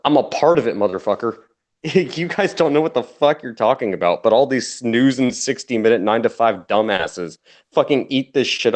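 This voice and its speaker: A man's voice: medium pitch, a little mellow. Swearing man ranting on a stream. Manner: profane, heated ranting. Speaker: guest co-host. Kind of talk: casual ranting commentary.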